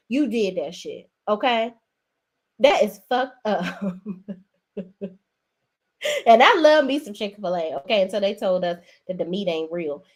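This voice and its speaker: A woman hosting a casual livestream, talking to viewers at a desk mic. She keeps it sassy and chatty, with a voice of ordinary middle pitch. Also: a little slow, darkish tone. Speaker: livestream host.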